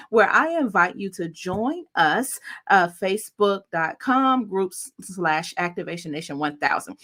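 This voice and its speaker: Woman, livestream host, upbeat and effusive, low-pitched, bright forceful tone. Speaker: host and content coach. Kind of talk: casual livestream introduction.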